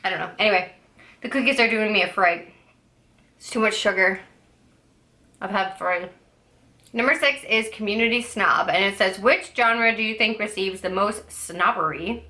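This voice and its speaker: Bright-voiced chatty young woman vlogging. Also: medium pitch, moderate pace, long pauses. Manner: rambling and chatty, full of "like" and "I don't know"; playfully sassy asides. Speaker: book vlogger. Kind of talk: casual chat.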